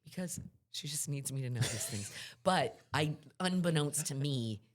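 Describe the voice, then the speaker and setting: A woman's voice: sits low, expressive, measured pace. A middle-aged woman in a casual chat, telling family stories and laughing often as she acts out quotes. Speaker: podcast guest.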